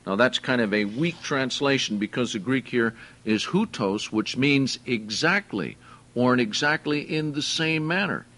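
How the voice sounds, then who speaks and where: A man preaching a sermon, teaching verse by verse in a slow, deliberate way and putting questions to his listeners. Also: mid-range voice, sharp tone. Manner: slow, deliberate, explains Greek words and asks the listeners questions.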